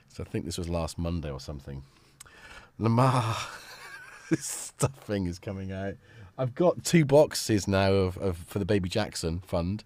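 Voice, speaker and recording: A man's voice: low voice, dark tone. A man hosting a casual livestream from his home studio, rambling and chatty with many restarts. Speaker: livestream host.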